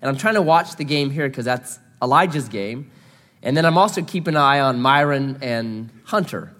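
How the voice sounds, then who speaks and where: A man's voice: medium pitch, animated, normal speed, fairly bright tone, big-room sound. A man in his thirties, a pastor, telling a self-deprecating family story in a sermon.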